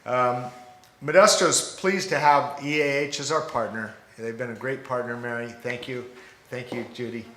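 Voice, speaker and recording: A man giving a ceremony speech as mayor, halting with frequent fillers. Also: mid-range voice, steady tone, fairly bright tone, a little hiss or hum. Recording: echoey public space.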